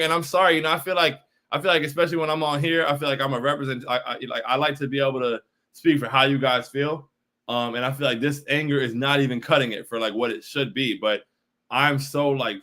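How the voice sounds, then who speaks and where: A man's voice: medium pitch, bright, forceful tone. A young man hosting a postgame livestream, frustrated and repetitive, often saying bro while reacting to chat. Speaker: postgame show host.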